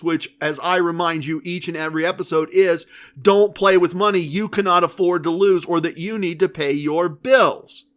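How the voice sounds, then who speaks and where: A man hosting a podcast, telling a story in a casual, animated and emphatic way. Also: high-pitched. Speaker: podcast host.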